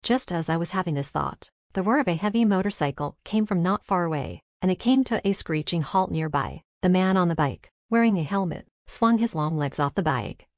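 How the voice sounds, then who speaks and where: A woman reading a first-person story aloud as narrator, in an even storytelling manner. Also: lowish voice, fairly quick, few pauses, no echo, studio quality. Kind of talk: scripted narration.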